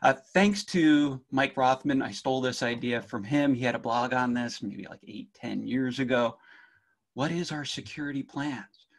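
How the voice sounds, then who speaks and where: Speaking at a moderate pace in a mid-range voice, this middle-aged man from New Jersey has a light Jersey accent. He's delivering a humorous talk on cybersecurity at a conference, speaking right to the crowd.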